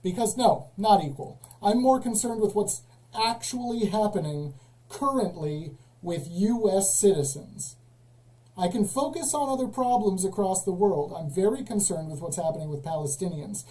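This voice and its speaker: A man's voice: sits high, animated, normal speed, mellow, low-quality recording. A man hosting a live call-in stream, questioning callers in a dry, sarcastic way. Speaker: livestream host. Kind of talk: casual live call-in chat.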